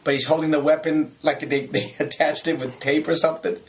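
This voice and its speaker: A man in his forties from the United States, an actor telling lively anecdotes in a casual video message, chuckling and restarting his sentences often. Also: fairly high pitch, a little fast, slight background noise.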